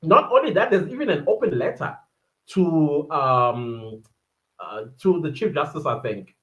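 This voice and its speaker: South African woman, livestream host, chatty and animated, muffled low-fi sound. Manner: chatty, animated, quick asides and laughs. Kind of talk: casual livestream chat reading viewer comments. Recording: dull lo-fi livestream audio.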